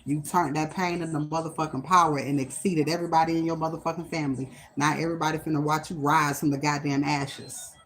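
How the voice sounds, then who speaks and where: A woman's voice: sits low, fairly even intonation, fast, hardly any pauses, fairly bright tone, slight background noise. Blunt, cursing woman reader on a livestream. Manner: blunt, heavy cursing, emphatic; emotional, close to tears. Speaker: spiritual reader. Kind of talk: casual livestream reading.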